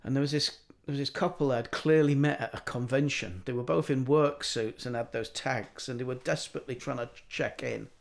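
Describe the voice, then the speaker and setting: A man's voice: mid-range voice, a little fast, gravelly, hardly any pauses. A middle-aged man telling anecdotes in casual chat, acting out the voices of people he quotes.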